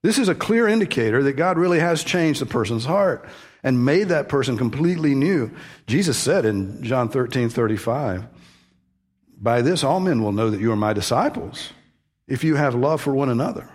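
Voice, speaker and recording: A man's voice: medium pitch, animated, normal speed. A man preaching a sermon in a conversational teaching manner, stressing key words and often restarting phrases. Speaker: pastor.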